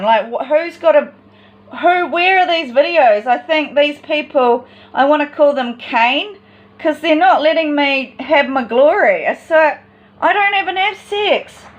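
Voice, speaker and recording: A woman's voice: sits high, dull audio. A woman in a personal vlog monologue, talking in an agitated, rambling and distressed way.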